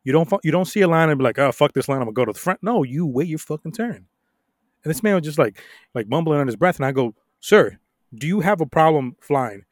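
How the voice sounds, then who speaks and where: A young adult man co-hosting a podcast, telling stories in a casual, profane, animated way with frequent laughs. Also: a little high, fast, no room sound, clean studio sound. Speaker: podcast co-host.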